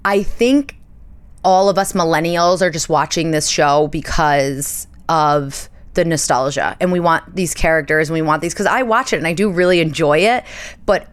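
A woman, hosting a podcast in a chatty, animated storytelling way. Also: low-pitched, normal speed, clean tone, no echo. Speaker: podcast host. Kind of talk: casual chat.

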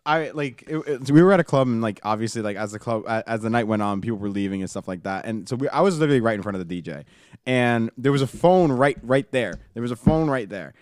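A young man with a mid-pitched voice rushes through his story and keeps backtracking and restarting. The sound is dry and close. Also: expressive, no echo. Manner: rambling, restarts often, profane. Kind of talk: casual chat, storytelling.

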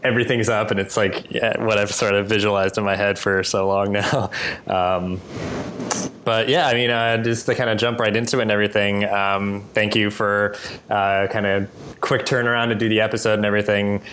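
A man's voice: lowish voice, little pitch movement, normal speed, a bit bright, slight background noise. A man hosting a podcast in casual chat from his office, rambling with lots of fillers. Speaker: podcast host.

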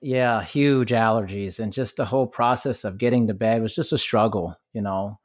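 A man hosting a podcast, chatting in a relaxed, amused way. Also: fairly low pitch, normal speed. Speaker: podcast host. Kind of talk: casual interview chat.

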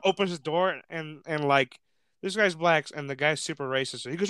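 A man's voice: a little high, animated, a little fast, fairly bright tone, smooth, no room sound, clean studio sound. A young man telling a story in casual chat, swearing often, laughing, and acting out what others said. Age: young adult.

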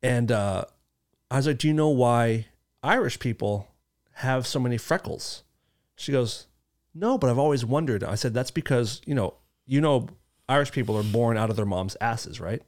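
A man's voice: medium pitch, normal speed. A man in his thirties hosting a casual podcast chat, telling crude funny stories and laughing along. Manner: crude joking storyteller, laughs often.

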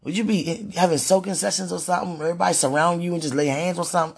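A woman's voice: on the low side, steady tone, racing, creaky, husky. A woman vlogging in a casual, rambling monologue, sighing and repeating herself as she pleads aloud to God.

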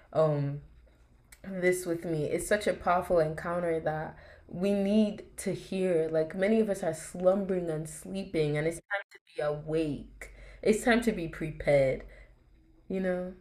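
Woman, podcast host, faith talk, affirming, emphatic, lowish voice. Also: measured pace, a little mellow.

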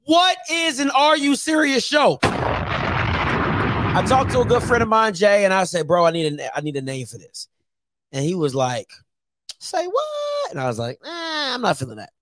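High-voiced man ranting on his talk show. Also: sing-song, normal speed, a bit bright, dry recording. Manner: slangy, emphatic, repeats phrases for effect. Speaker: host of a sports talk show. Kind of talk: casual sports commentary rant.

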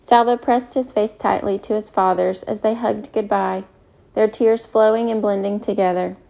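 A woman narrates a novel in a calm, measured way. Her voice is mellow and dark, with a gravelly edge of fry. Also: mid-range voice. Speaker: audiobook narrator. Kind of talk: scripted narration.

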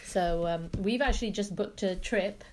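A woman's voice: mid-range voice, normal speed, darkish tone, a little hiss or hum. A young woman with a cold, chatting casually as a podcast co-host, stuffy and laughing at herself. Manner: chatty, laughing, self-mocking. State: congested, sick with a cold. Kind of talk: casual chat.

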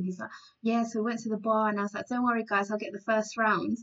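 A woman's voice: medium pitch, level tone, fairly quick, a bit bright, highs cut off. A woman hosting a casual chat, giggling as she tells stories and acts out what people said.

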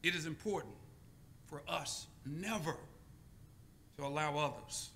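Bright high-voiced male preacher. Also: expressive, gravelly, a little hiss or hum. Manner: call-and-response, deliberate pauses. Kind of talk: sermon with storytelling.

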